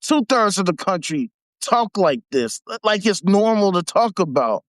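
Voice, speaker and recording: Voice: medium pitch, sing-song, normal speed, no echo. A livestream host giving profane, mocking commentary while reading an article aloud. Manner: profane, mocking, laughs between rants. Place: home setup for a live video.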